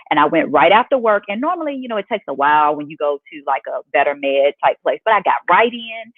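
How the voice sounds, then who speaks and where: A woman hosting a podcast, telling a personal story in an animated way and laughing as she goes. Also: deep voice, fast talker, dry recording. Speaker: podcast host. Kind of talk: casual interview chat. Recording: tinny phone-like dry audio.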